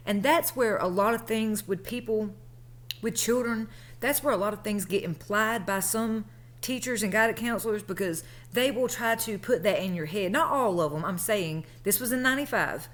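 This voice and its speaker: A woman's voice: mid-range voice, moderate pace, fairly bright tone. A woman in her thirties telling a personal story in a chatty, colloquial way. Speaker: vlogger. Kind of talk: casual storytelling.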